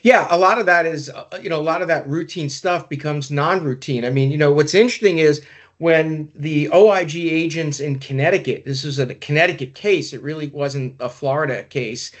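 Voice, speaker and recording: A man's voice: on the high side, normal speed. A man hosting a podcast, a former investigator, telling a story in a casual, rambling way with many fillers.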